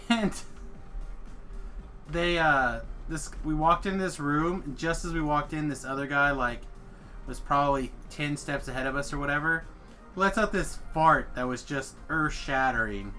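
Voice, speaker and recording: A man's voice: fairly high pitch, unhurried, faint music behind. A man streaming a game and chatting casually, telling stories with lots of laughter. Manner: animated storyteller, laughs often. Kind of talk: casual chat while gaming.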